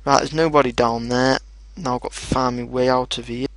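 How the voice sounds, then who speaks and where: A young man giving casual commentary over his own gameplay, excitable and swearing often, shouting at his in-game dogs. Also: medium pitch, brisk, dry recording. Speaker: gaming video host. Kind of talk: casual let's play commentary.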